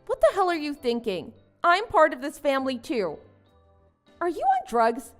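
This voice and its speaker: Soft music runs beneath a high-pitched woman's voice that swings hugely in pitch at a normal speed. Acting out a story drama, she plays a young wife and new mother who was wronged, protesting to her husband with indignant pleas.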